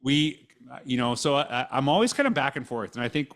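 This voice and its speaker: A man's voice: medium pitch, sing-song, a little fast, a bit bright. A man hosting a podcast interview in a casual, conversational way, rambling through restarts and dropping dry sarcastic asides. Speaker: podcast host.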